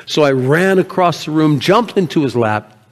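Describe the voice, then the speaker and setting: A man performing a dramatic first-person monologue as an earnest merchant, an emotional storyteller who swings from loud to hushed. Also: fairly high pitch, expressive, normal speed, close to an everyday voice. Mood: storytelling. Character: earnest male merchant telling his story.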